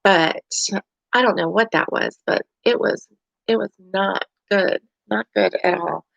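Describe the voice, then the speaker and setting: A woman's voice: mid-range voice, unhurried, gravelly, no echo. A tired middle-aged woman with a light Southern US accent chats casually on a home livestream, rambling through her story with lots of fillers and restarts. The sound is dry and a little dull, like a lo-fi webcam mic. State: tired and yawning. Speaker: crochet livestream host. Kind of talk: casual live chat.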